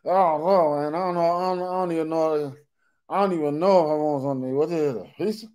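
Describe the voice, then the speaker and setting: A man's voice: a little high, fast talker, darkish tone, natural voice. A man voicing a frozen man who mumbles slurred words through stiff cold lips. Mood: mumbling. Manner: slurred, mumbled, lazy talk.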